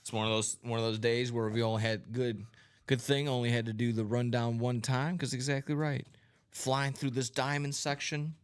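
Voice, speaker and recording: A man's voice: medium pitch, steady tone, fairly quick, clear, resonant tone, no room sound. A man hosting a live card-breaking stream from a studio break room, talking in upbeat, casual banter full of hype catchphrases. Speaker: card break livestream host.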